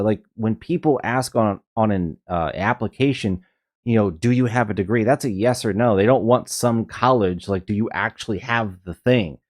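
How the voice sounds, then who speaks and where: A man's voice: mid-range voice, darkish tone. A man giving reaction commentary, lecturing in an emphatic way.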